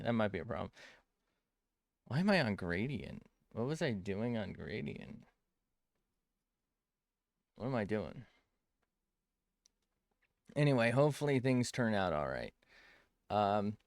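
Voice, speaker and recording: A man with a lowish voice talks loosely on a drawing stream, drifting between thoughts and breaking off mid-sentence. He swears casually as he works on a tablet. The sound is dry and close, with almost no room around it. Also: creaky, dry recording. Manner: rambling, self-interrupting, swears freely. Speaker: art streamer. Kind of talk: casual rambling stream chat.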